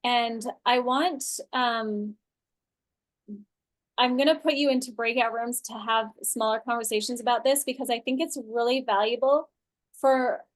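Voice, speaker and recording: A woman's voice: on the high side, fairly even intonation, measured pace. A woman leading an online coaching class for a group, talking loosely and casually, with lots of filler words and sentences she restarts partway through. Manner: loose and chatty, full of "like" and "um", restarts mid-sentence. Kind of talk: casual teaching talk to a group. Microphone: video call.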